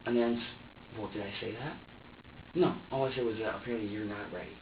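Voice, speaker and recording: A man's voice: on the low side, fairly even intonation, brisk, slight background noise. A young man in a police interrogation room, heavy with swearing as he re-enacts heated arguments, caught on a distant security camera mic. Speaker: interrogation subject. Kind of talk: agitated personal account. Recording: echoey, distant, dull security recording.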